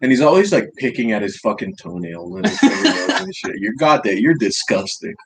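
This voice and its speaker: A man's voice: medium pitch, sing-song, fairly quick, creaky, a bit bright. A man co-hosting a podcast, trading crude, profane jokes and teasing his friend in casual banter. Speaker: podcast co-host.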